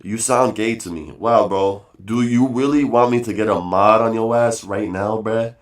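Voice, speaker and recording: A man's voice: fairly low pitch, normal speed. A man streaming a casual rant, emphatic and repetitive, calling his viewers guys and bro, with fillers between points. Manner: emphatic, repeats phrases, says bro and guys often.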